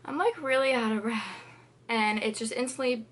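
A young woman talking casually to her camera as a beauty vlogger, chatty and relaxed, with lots of "like" and "um". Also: on the high side, moderate pace. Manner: chatty, filler-heavy with lots of "like" and "um". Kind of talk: casual talk-through to camera.

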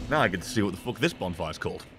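A man's voice: on the low side, a bit bright, a little hiss or hum. A man streaming gameplay in casual commentary, swearing often, joking and laughing.

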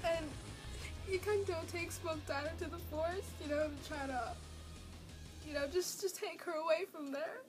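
A woman with a high voice and a stuffy, nasal tone from a cold talks through a drama she loved, emotional and rambling, full of fillers. Her voice comes through a tablet's built-in mic, with music plainly audible underneath. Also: normal speed. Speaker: drama reviewer. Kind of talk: casual spoken review.

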